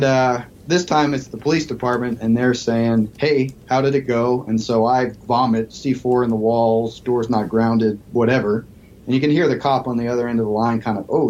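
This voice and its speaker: Male podcast guest, negotiator and professor, animated storyteller, slightly muffled audio with light noise. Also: medium pitch. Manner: animated storyteller acting out quoted voices.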